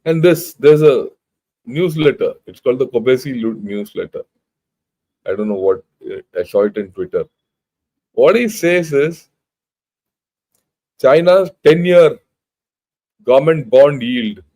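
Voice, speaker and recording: A retired general who hosts a channel, an older man with an Indian English accent, speaks in a mellow, medium-pitched voice with lively intonation. He goes a little slowly, leaving long pauses. Reading out news in an informal talk, he's blunt and emphatic, restarting often.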